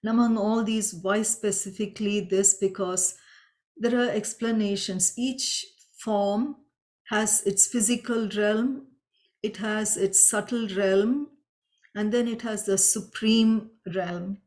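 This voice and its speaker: A woman teaching a Sanskrit chant, patiently explaining meanings and pronunciation step by step and chanting the lines slowly. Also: mid-range voice, steady tone, a little mellow. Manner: chants mantras slowly and drawn out. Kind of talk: slow spoken lesson with chanting.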